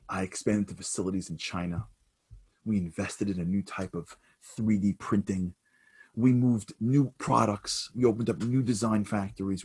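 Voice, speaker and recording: A man giving a motivational keynote, telling a dramatic story that swings from hushed to loud. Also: on the low side, husky. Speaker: motivational speaker.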